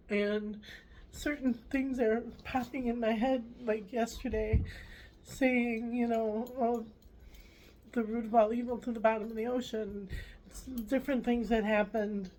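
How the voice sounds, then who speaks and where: A woman hosting her own vlog, talking in a halting, emotional way with many pauses and restarts, close to tears at times. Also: fairly high pitch, a little mellow, poor audio. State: tearful. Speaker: channel host. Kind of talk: personal vlog.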